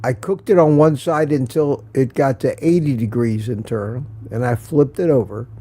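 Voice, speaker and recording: A man's voice: mid-range voice, normal speed, mellow, breathy edge. A man hosting a casual live morning stream, telling rambling stories, chuckling often and answering viewer comments.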